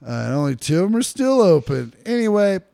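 A man's voice: a little high, very animated, fast talker, gravelly, mellow, no room sound. A man co-hosting a podcast in a casual, joking and crude manner. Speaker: podcast co-host. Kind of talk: casual chat.

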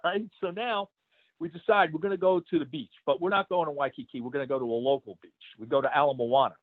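A man's voice: a little high, fairly even intonation, fast talker, no echo. Male ex-wrestler guest, casual storyteller, filler-heavy delivery, phone-quality dry audio. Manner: rambling, many fillers, laughs through stories. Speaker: retired pro wrestler guest. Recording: tinny phone-like line.

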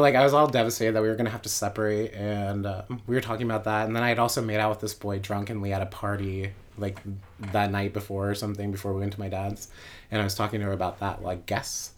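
Man, late twenties, fairly deep voice, casual rambling storytelling, chatty asides. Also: flat delivery, fast talker. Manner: rambling, full of fillers and asides. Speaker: guest storyteller.

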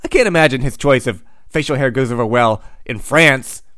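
A man's voice: mid-range voice, normal speed, fairly bright tone, no room sound, clean studio sound. A man narrating a comic book recap with wry, sardonic asides.

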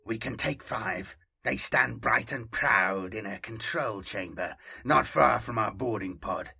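A man's voice: lowish voice, measured pace, creaky, pushed and bright, slightly rough, heavily acted. A man voicing Zal, a fierce male warrior eager for battle, with clipped, hungry lines in an audiobook reading.

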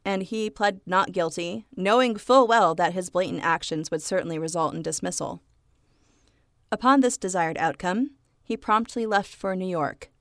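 A woman's voice: fairly low pitch, moderate pace, fairly bright tone, no room sound, studio quality. A woman co-hosting a podcast, reading from notes and laughing easily. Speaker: podcast co-host. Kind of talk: reading notes in casual chat.

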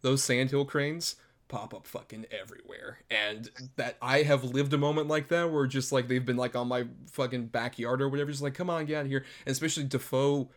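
A man's voice: mid-range voice, steady tone, fairly quick. Rambling casual man from Florida. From Florida, USA. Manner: loose and rambling, heavy "like" filler, swears casually. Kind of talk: casual film discussion.

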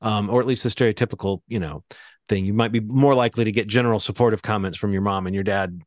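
A man's voice: lowish voice, quick pace, no room sound, studio quality. A man co-hosting a podcast, chatting casually and telling stories full of asides. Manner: chatty, animated storytelling with asides. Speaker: podcast co-host. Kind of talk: casual chat.

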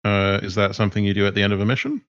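A man narrating as game master in a tabletop game, relaxed and laughing along. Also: on the low side, rapid-fire, no echo, highs cut off.

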